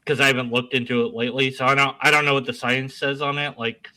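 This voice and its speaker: Goofy bright-voiced rambling man. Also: medium pitch, flat delivery, quick pace, poor audio. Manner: goofy, self-deprecating, rambling with restarts. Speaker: YouTuber and panel guest. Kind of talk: casual rambling panel talk. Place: home, sitting at his desk.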